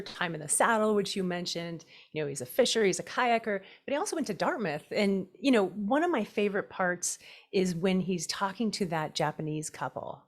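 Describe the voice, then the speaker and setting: Woman interviewer, super enthusiastic, voice really bouncy. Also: medium pitch. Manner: enthusiastic, gushing. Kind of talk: conversational interview.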